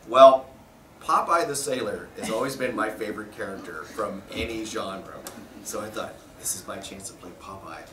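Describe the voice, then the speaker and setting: A man, a voice actor, telling stories casually in a convention press interview, animated and often laughing. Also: lowish voice, moderate pace, a little hiss or hum. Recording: roomy echo, mic at a distance.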